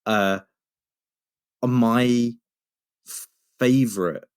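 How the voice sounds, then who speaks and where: A man's voice: mid-range voice, steady tone, very slow, darkish tone, clean tone, no room sound, clean studio sound. A young man co-hosting a podcast, telling stories in a rambling way with many restarts. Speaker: podcast co-host. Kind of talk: casual chat.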